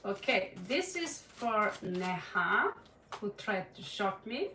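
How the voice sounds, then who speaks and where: A woman's voice: medium pitch, big pitch swings, slow, bright, forceful tone, slight background noise. A woman from Norway giving a live tarot reading, chatty and laughing often, calling viewers by name. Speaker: tarot reader. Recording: roomy echo, distant mic.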